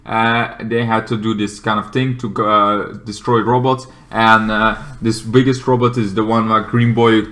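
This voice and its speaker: Bright-voiced rambling male reviewer. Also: fairly low pitch, flat delivery, normal speed, hardly any pauses. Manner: rambling, full of fillers and restarts. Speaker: show reviewer. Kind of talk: casual recap chat.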